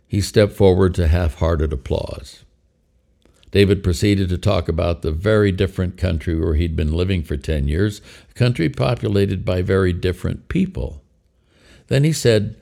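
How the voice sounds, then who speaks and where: Older male memoir narrator, very low, gravelly, measured. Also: warm tone.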